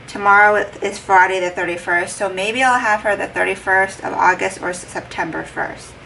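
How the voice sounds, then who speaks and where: Chatty pregnant woman, gravelly and bright. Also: medium pitch, fairly even intonation, normal speed. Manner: chatty, retelling with lots of "like" and quoted dialogue. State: heavily pregnant. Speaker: vlogger. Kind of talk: casual vlog chat. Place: home. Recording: distant mic with faint background noise.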